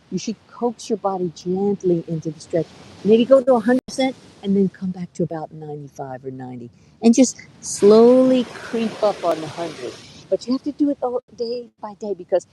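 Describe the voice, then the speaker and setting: A woman over fifty teaching a live yoga class outdoors on a beach, giving gentle, coaxing cues and counting breaths. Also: medium pitch, a little hiss or hum, rough recording.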